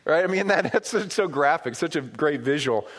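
A middle-aged man from upstate New York preaching a sermon, telling stories with swings from hushed asides to loud, emphatic points. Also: a little high, animated, moderate pace. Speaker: pastor.

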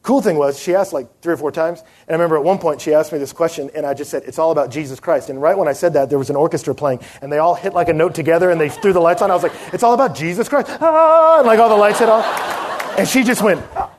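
A young man preaching a sermon, telling a lively story and acting out the people in it. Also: fairly high pitch, racing, a little hiss or hum. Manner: animated storyteller acting out quoted voices.

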